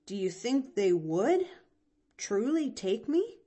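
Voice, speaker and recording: Woman playing a scrappy orphan boy, blunt, folksy dialect, mellow tone, audiobook. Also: a little high, very animated, slow, slightly rough, pitched above the performer's own voice, exaggerated voice. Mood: proud.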